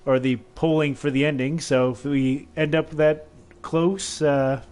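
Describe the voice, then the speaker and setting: A man's voice: on the high side, little pitch movement, measured pace, darkish tone. A man co-hosting a game stream, chatting casually and hesitantly with plenty of fillers. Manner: easygoing, hesitant, lots of fillers. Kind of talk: casual chat.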